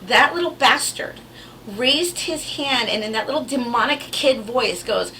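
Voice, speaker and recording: A woman's voice: on the high side, a little slow, sharp tone, distant mic, low-quality recording. A woman telling stories about her kids to camera in a casual, wry way, swearing freely. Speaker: vlogger telling family stories.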